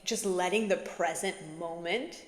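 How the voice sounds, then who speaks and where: A woman's voice: fairly low pitch, measured pace. A woman chatting casually as a spiritual vlogger, rambling and giggly, with lots of "like". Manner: chatty, giggly, says "like" a lot. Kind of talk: casual rambling chat to camera. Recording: echoey room with long reverb.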